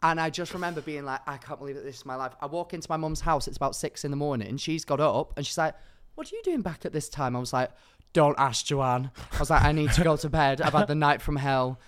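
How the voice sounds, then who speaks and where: A man's voice: on the high side, fast talker, smooth. A young man from England co-hosting a podcast, telling a story animatedly and acting out what people said. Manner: animated anecdote-telling, acting out quoted lines. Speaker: podcast co-host. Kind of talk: casual storytelling chat.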